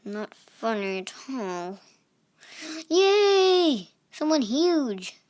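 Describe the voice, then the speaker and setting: A young woman chats through her gameplay, her voice bright and clear. She talks at an unhurried pace, breaking into playful exclamations as she reacts to the game. It is casual, chatty commentary from a gaming channel host. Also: medium pitch.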